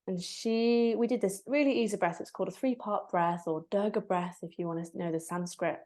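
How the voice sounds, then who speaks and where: A woman, a breathwork facilitator, candidly telling her personal story in a podcast interview and bringing quoted moments to life. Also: mid-range voice. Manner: candid, reflective, with animated quoted asides.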